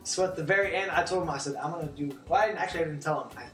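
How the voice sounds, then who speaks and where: A man co-hosting a show, telling a lively story in casual chat and acting out the other people's lines. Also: on the high side, racing. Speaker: show co-host. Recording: roomy, distant mic, music behind.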